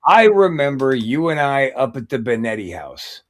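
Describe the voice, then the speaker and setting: A man's voice: mid-range voice, big pitch swings, moderate pace. A man co-hosting a casual chat in a blunt, profane, skeptical way. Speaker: podcast co-host.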